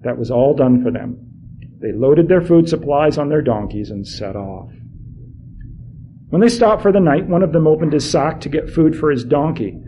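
A man's voice: a little high, lively intonation, normal speed, mellow, highs cut off, slight background noise. Congested man reading scripture aloud. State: congested, clearing his throat. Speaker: scripture reader. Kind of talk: reading a Bible passage aloud to a group. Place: room with listeners present.

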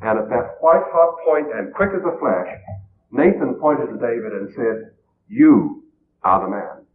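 A man giving an earnest, measured sermon, asking rhetorical questions as he preaches on a radio broadcast. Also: medium pitch, expressive, a little hiss or hum. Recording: tinny phone-like old radio broadcast.

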